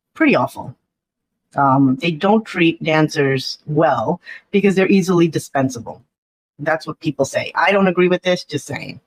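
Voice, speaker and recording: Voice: medium pitch, no room sound, poor audio. A vlogger giving casual commentary, chatty and skeptical, with frequent ums and uhs.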